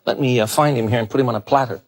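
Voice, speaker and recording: In a galley-style kitchen, a middle-aged man hosts a televised cooking show, gushing over the food as he demonstrates every dish. He talks very fast in a mid-range voice.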